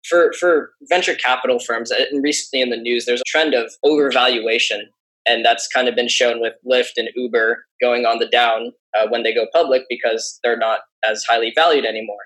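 A man's voice: mid-range voice, steady tone, fairly quick, fairly bright tone, poor audio. A man interviewing a guest, asking questions in a curious, casual way.

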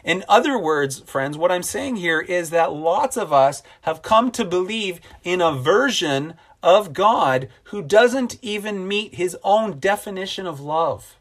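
A man preaching a sermon as a pastor, earnest and repeating phrases for emphasis, slowing down on key lines. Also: sits high, animated.

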